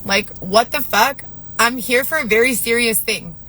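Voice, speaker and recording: A woman's voice: on the high side, moderate pace, pushed and bright, breathy edge, low-quality recording. Woman venting in a rambling, profane livestream. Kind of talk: rambling live video monologue. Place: Chicago.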